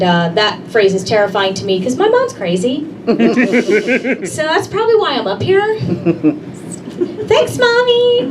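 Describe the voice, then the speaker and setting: Woman, stand-up comedian, brash, talks to the audience, distant mic, noisy room. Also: mid-range voice. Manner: brash, conversational, addresses the audience directly. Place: comedy club stage.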